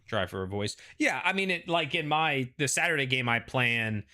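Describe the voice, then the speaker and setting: Bright-voiced man rambling casually. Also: mid-range voice, lively intonation, moderate pace. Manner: rambling, hedging, chatty. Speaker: show host. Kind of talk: casual pre-show chat.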